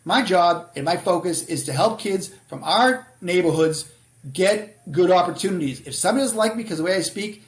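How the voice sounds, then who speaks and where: A man's voice: sits high, expressive, a little fast, roomy sound. A middle-aged man with a Boston accent, a guest author telling stories bluntly and animatedly in a casual interview. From Boston area, USA.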